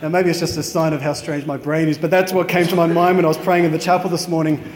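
A man's voice: on the high side, level tone, fast talker, darkish tone, echoey room, big-room sound. A man giving a conversational, reflective sermon in a chapel. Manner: conversational, reflective, many "you know" fillers. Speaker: priest.

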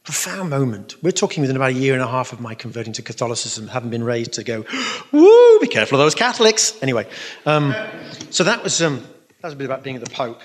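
In a reverberant hall, a man speaks fast in a mid-range, fairly bright voice. He is a Catholic speaker and musician answering questions from the audience, telling stories in a rambling, earnest style packed with asides, as part of a storytelling talk with Q&A.

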